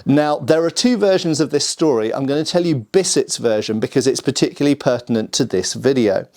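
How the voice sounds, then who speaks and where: A man's voice: mid-range voice, fairly quick, darkish tone. A man from the United Kingdom, host of a sword history channel, talking casually to camera, thinking aloud and asking viewers what they think. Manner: chatty, thinking aloud, asks viewers questions. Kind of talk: casual explanatory talk to camera.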